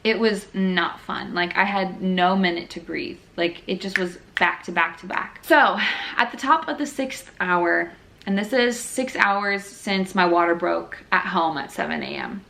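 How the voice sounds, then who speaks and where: Candid young woman, bright chatty voice. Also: lowish voice, measured pace, gravelly, a little hiss or hum. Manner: candid, frank, chatty with many fillers. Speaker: new mother telling her birth story. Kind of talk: casual personal storytelling.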